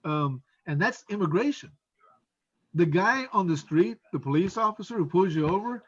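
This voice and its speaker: A man's voice: sits high, lively intonation, normal speed, highs cut off. A man with a West Texas accent telling casual anecdotes and acting out the voices of the people in them. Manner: anecdotal, acts out quoted voices. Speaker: former immigration officer. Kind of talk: casual storytelling.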